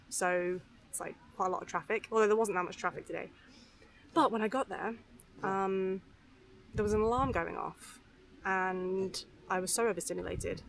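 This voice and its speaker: A young woman talking candidly to camera outdoors by a river, soft and unhurried with lots of fillers and restarts. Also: mid-range voice, vocal fry, a little hiss or hum. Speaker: vlogger. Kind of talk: candid rambling talk to camera. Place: outdoors beside a river on a footpath.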